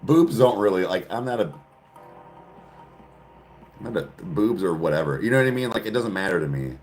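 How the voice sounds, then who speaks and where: A man's voice: lowish voice, expressive, a little fast, a little mellow, faint music behind. A man hosting a casual podcast chat, rambling in a crude, joking way and laughing often. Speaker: podcast host. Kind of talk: casual chat answering viewers.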